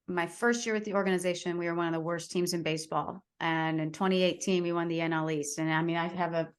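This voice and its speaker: Lower-voiced woman telling stories. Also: steady tone, fast talker, clean tone. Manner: storytelling, enthusiastic, many fillers. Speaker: baseball reporter, podcast guest. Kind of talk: casual chat.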